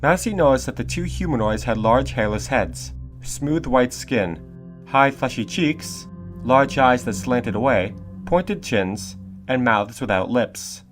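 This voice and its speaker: A man reading a scripted documentary narration in a steady, measured way. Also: medium pitch, faint music behind.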